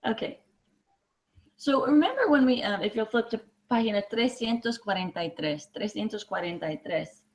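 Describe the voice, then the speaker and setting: A woman's voice: fairly high pitch, animated, normal speed, rough recording. A woman teaching a classroom lesson, explaining patiently step by step with many fillers. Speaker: Spanish teacher.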